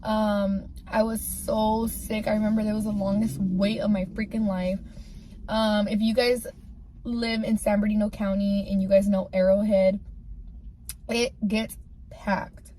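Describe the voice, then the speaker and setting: A woman's voice: mid-range voice, flat delivery, unhurried, mellow, slight background noise. A woman candidly telling a personal story in a casual storytime, rambling and filling her talk with "like". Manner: candid, rambling, heavy use of "like".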